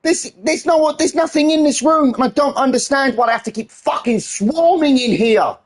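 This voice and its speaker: A man's voice: extremely high pitch, normal speed. A man streaming a game, ranting in an exasperated, heavily sweary way. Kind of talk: casual live-stream rant.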